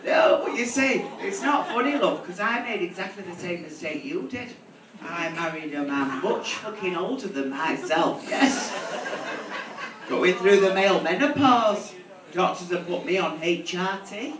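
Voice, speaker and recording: A man's voice: sits high, expressive, moderate pace. A man doing crude, brassy drag stand-up comedy, teasing the audience as his stage persona. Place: live theatre stage. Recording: echoey hall from far off with crowd. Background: audience laughter.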